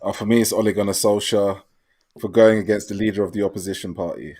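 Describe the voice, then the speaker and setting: A man's voice: on the low side, fairly even intonation, quick pace, a little mellow, dry recording. A man on a football podcast panel, ranting in an indignant tone with sarcastic questions. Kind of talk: casual football chat.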